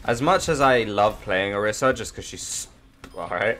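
A man giving casual, profane gameplay commentary, self-mocking, and swinging from loud outbursts to low mutters. He has just woken up and has a sore throat. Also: expressive, normal speed. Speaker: gamer streamer.

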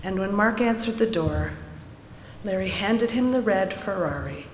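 A woman's voice: mid-range voice, measured pace, slight background noise. Woman telling a story in an echoey sanctuary. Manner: animated storytelling, lively voices for characters. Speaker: storyteller at a synagogue service. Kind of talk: reading a children's story aloud, then teaching. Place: large sanctuary. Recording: echoey hall, from a room mic.

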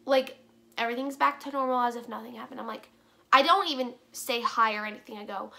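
A woman's voice: on the high side, a little fast, creaky, pushed and bright. A teenage girl telling a story to her camera, chatty and full of fillers, acting out what others said. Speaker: vlogger. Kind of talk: casual storytime.

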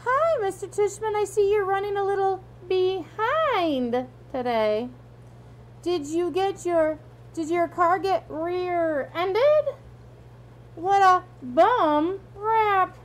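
A woman reading a storybook aloud, voicing a fake high old lady's voice on a school loudspeaker in a sing-song, drawn-out, mock-formal way. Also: animated, full character voice.

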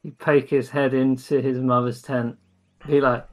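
A man's voice: medium pitch, flat delivery, measured pace. A man playing a tabletop role-play game, casually describing what his character does. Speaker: player.

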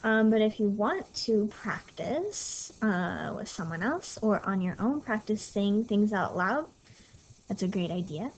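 A woman's voice: mid-range voice, animated, unhurried, a little mellow. Woman teacher, leisurely delivery, chatty recorded French lesson, scratchy tablet audio. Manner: casual, chatty, apologetic asides. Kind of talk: recorded lesson over slides. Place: home. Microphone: tablet mic.

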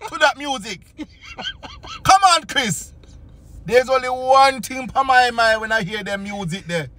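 A man playing a loud, teasing older uncle who hosts a comedy chat, bossy and mocking with cackling laughs. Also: measured pace, full character voice. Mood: boisterous. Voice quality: shrill, cackling, squealing laugh. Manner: bossy, mocking, shouts and sing-song. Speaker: host. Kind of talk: improvised comedy character chat. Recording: noisy recording.

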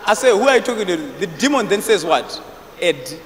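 A man preaching a deliverance sermon, forceful and repetitive, breaking into shouts. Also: high-pitched, very animated, quick pace. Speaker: prophet preaching. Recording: echoey hall with faint noise.

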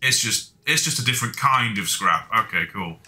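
Sharp-voiced man doing game commentary. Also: lowish voice, expressive, moderate pace. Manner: casual, joking, swears a lot, talks to himself. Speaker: gaming video host. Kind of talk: let's play commentary.

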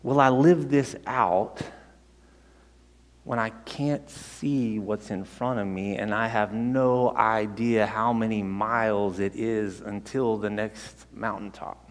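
A male pastor preaching a sermon, conversational and animated, telling the story with frequent restarts. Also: lowish voice, slow pace. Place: church sanctuary. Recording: long hall reverb.

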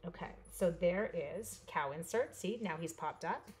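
A woman's voice: lowish voice, lively intonation, unhurried, a crowd in the background. Playful canadian woman chatting thru a craft demo, talks right to the viewers. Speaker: paper craft demonstrator. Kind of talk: live crafting demo chat.

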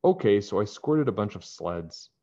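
A man's voice: fairly low pitch, lively intonation, moderate pace, mellow. A man voicing a cocky, boastful boy snowboarder with a brash, taunting way of talking. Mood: sulky. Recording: dull lo-fi recording.

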